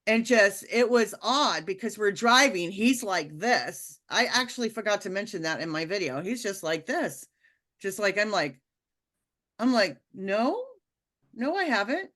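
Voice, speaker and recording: A woman casually telling a personal spiritual story, animated and acting out the quotes, often laughing. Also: mid-range voice, unhurried. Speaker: podcast guest telling a testimony.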